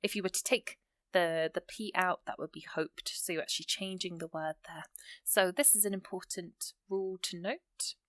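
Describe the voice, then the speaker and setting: A woman teaching an English grammar lesson, explaining rules step by step and reading out example sentences slowly. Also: fairly low pitch, a bit bright, no echo.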